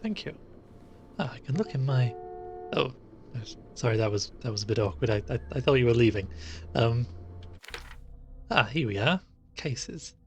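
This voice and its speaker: A man's voice: mid-range voice, animated, moderate pace, long pauses, darkish tone, lo-fi sound, a little hiss or hum. Chatty man streaming a game. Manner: chatty, jokey, rambling asides. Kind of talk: live gameplay commentary.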